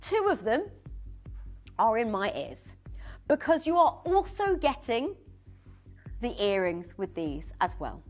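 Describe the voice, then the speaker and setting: Lady doing live tv sales, kinda high voice, chatty gushy, tripping over her words. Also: takes it slowly, long pauses, soft background music. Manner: gushing, excitable, chatty with many restarts. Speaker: shopping channel presenter.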